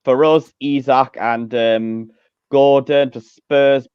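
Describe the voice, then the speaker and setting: A man's voice: mid-range voice, steady tone, slow, clean tone, dry recording, highs cut off. A man giving his opinions as a guest on a casual chat show, hesitating with many ums and uhs. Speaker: guest pundit.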